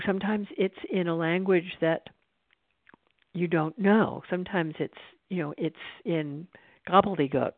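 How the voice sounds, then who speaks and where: A meditation teacher giving a spiritual talk in an unhurried, reflective way, with frequent restarts, over a tinny phone-like line. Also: mid-range voice, no echo. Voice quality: creaky.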